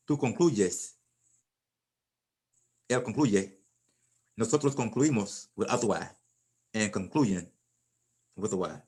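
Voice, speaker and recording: A man teaching a Spanish class in a relaxed, casual way, often repeating and restarting words as he explains. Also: lowish voice, slow, long pauses.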